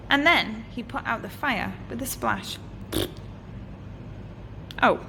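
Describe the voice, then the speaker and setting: A woman teacher reading a picture book aloud to children in a clear, expressive way. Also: fairly high pitch, slight background noise. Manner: expressive and animated, slow and clear. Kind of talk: storybook read-aloud for children.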